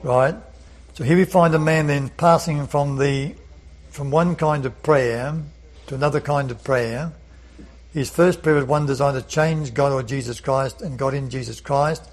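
A man's voice: medium pitch, steady tone, a little slow, low-quality recording. A man leading a Bible study lesson, earnest, often repeating words and asking rhetorical questions.

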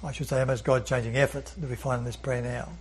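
A man's voice: medium pitch, little pitch movement, fast talker, slightly rough, rough recording. A man leading a Bible study lesson, earnest, often repeating words and asking rhetorical questions.

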